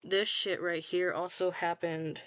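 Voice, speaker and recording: A woman's voice: lowish voice, level tone, unhurried, a bit bright, no echo. A young woman chatting casually about her own fan fiction, blunt and self-mocking, swearing freely and laughing at herself. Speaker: fanfiction writer scrolling her own archive.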